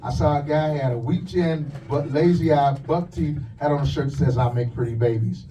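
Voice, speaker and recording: A man doing a stand-up comedy set in a club, telling crude, punchy stories with quick asides. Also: a little high, steady tone, dark tone, recorded from a distance, muffled recording, a little hiss or hum. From lives in the USA.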